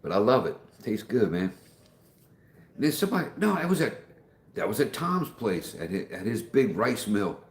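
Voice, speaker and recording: A man's voice: on the low side, very animated, normal speed, roomy sound. A man hosting a casual livestream, chatting folksily and reading out viewer comments, calling everyone man or dude. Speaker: livestream host.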